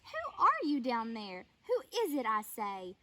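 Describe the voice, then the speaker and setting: A woman's voice: fairly high pitch, huge pitch swings, measured pace, sharp tone, pitched below the performer's own voice, heavily acted. A woman doing an eager questioning storybook bear. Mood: pleading. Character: curious friendly male bear, storybook.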